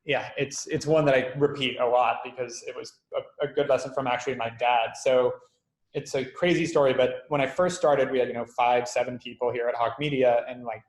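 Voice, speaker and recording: Man, fast talker, founder telling a story, acts out the quotes, roomy echo. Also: mid-range voice. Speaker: guest, company founder and CEO. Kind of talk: conversational interview storytelling.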